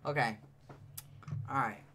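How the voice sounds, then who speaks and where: A man commentating a live game stream with a bright, forceful tone at a middling pitch. He bursts into loud, excitable reactions and teases his chat playfully. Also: slow, slight background noise. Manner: addresses chat directly, playful teasing.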